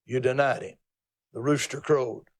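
A male pastor preaching a sermon in an emphatic, folksy, teasing manner, jumping his pitch up for emphasis. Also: fairly even intonation, a little slow, breathy edge.

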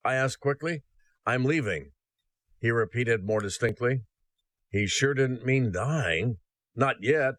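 A man preaching a sermon, telling a story aloud in an earnest, slow and solemn way. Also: medium pitch, fairly bright tone, no echo. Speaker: ministry host.

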